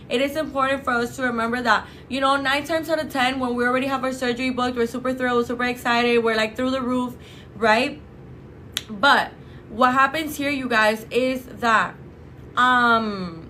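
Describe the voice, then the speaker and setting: Talking to viewers in a casual promotional piece, a woman from a clinic packs her speech with fillers and "you guys," stressing her points emphatically. Her high voice sounds pushed and bright. A little hiss or hum sits under the recording.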